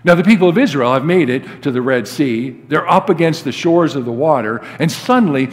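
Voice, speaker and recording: An older American man, preaching as a guest pastor in a church sanctuary, speaks in a brisk, expressive voice on the high side. He tells stories and acts out quoted dialogue with rising emphasis, and the recording carries a long hall reverb.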